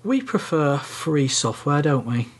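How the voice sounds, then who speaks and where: A man's voice: fairly high pitch, big pitch swings, measured pace, slightly rough. A man co-hosting a casual podcast, explaining things step by step with frequent ums and uhs. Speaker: podcast co-host. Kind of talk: casual tech podcast chat.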